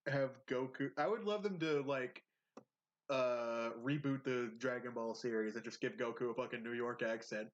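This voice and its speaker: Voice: mid-range voice, moderate pace. A podcast co-host talking in blunt, crude, casual chat. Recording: dull lo-fi sound.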